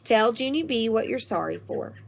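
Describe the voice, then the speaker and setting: Woman doing a principal, storybook, stern, firm, measured. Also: fairly high pitch, lively intonation, creaky, slight background noise. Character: stern middle-aged male school principal.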